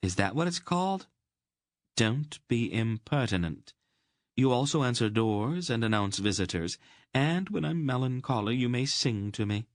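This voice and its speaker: A brisk noblewoman, as a man puts her on, sharp and motherly, handing out orders with a dry tease in a lively, swinging voice. The sound is close and dry, like a storybook read straight into the mic. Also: medium pitch, no room sound, pitched above the performer's own voice, close to an everyday voice.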